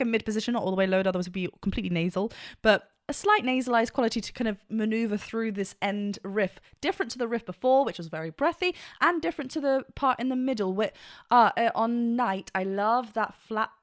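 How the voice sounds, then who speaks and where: A woman's voice: mid-range voice, no echo, studio quality. A woman vocal coach giving an enthusiastic, technical reaction and analysis, with frequent fillers.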